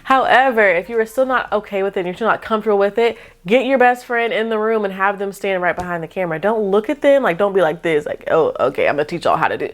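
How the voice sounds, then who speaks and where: A woman giving casual tips straight to camera in her room, chatty, upbeat and animated, calling her viewers y'all. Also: medium pitch, fast talker, hardly any pauses. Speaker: YouTube coach.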